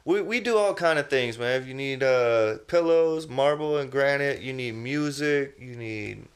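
A man's voice: mid-range voice, unhurried. Laid-back rambling male podcast host. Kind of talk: casual chat.

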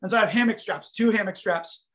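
Guy preaching, high voice, chatty storytelling with lots of "like" and "you know". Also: quick pace. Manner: animated storytelling, conversational fillers. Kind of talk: sermon with personal story.

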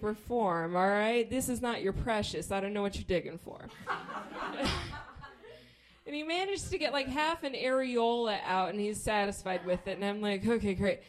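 A woman's voice: on the high side, slight background noise. A woman from Kansas doing stand-up, telling a story in a wry, profane way and acting out the people in it. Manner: profane, wry, acts out quoted people in voices. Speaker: stand-up comedian.

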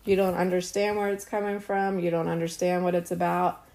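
With a flat, brisk delivery, vocal fry, and a darkish tone on the low side, this middle-aged woman co-hosts a podcast. She chats casually and earnestly, telling stories full of fillers.

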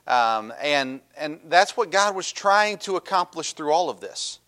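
A man's voice: lively intonation, measured pace, sharp tone. A middle-aged male pastor giving a sermon in a conversational way, with fillers and restarts, and acting out the complaining people in a raised voice. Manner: acts out Bible voices and the people's complaints with bursts of pitch.

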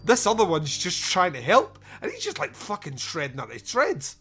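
A man's voice: high-pitched, wildly swooping pitch, moderate pace, pushed and bright, breathy edge, faint music behind. A man hosting a podcast, reviewing a film in casual comic chat, laughing often and swearing as he acts out scenes.

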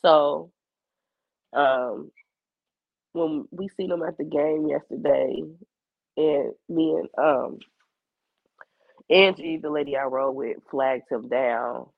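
A hoarse woman in her forties with a fading voice and a cough, talking candidly and reflectively in her personal video journal. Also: low voice, takes it slowly, pauses often, dry recording, phone-quality sound. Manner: candid, rambling, colloquial, reflective. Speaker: psychic medium keeping a video journal.

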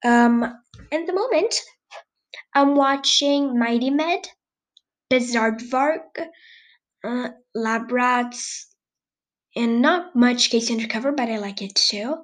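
A teenage girl talks through her own solo podcast with a slightly high voice, giggling and stopping often to hunt for what to say next. Her talk is loose and scattered, full of "um"s and sudden exclamations as she jumps from one thing to the next. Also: takes it slowly, long pauses, low-quality recording. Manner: exclamations and filler "um"s. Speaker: podcast host. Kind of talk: solo casual podcast chat.

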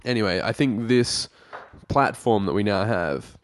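A man's voice: fairly low pitch, expressive, unhurried, a little hiss or hum. A young man, rambling and swearing his way through a casual podcast chat. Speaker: podcast co-host.

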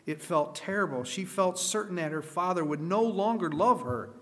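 A man's voice: sits high, expressive, moderate pace. A man reading a moral story aloud with earnest expression at a camp meeting.

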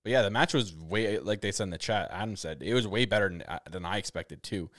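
A man from Canada hosting a casual talk podcast, rambling excitably with lots of restarts. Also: lowish voice, fast, no echo, clean studio sound. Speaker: podcast host. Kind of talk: casual chat. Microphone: camera setup on a video call.

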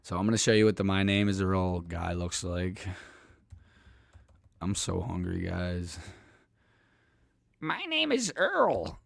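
A man's voice: sits low, flat delivery, a little slow, creaky, long pauses. A man hosting a podcast, telling stories in a rambling, profane, casual way and laughing often. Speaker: podcast host.

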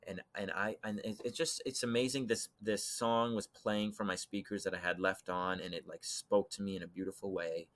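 A young man telling a personal eerie story as a podcast guest, animated, acting out voices and swinging from loud to hushed. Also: fairly low pitch, moderate pace, few pauses. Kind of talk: dramatic storytelling in conversation.

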